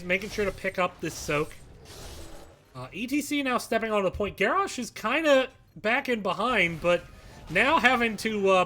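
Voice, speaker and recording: A man calls a live esports match in a high, ringing voice, steady and explanatory between plays and surging loud when the fight breaks out. His tone is bright and forceful. A faint hiss of noise sits under the audio. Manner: excitable, rising to shouts at big plays. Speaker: esports caster. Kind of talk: live play-by-play commentary.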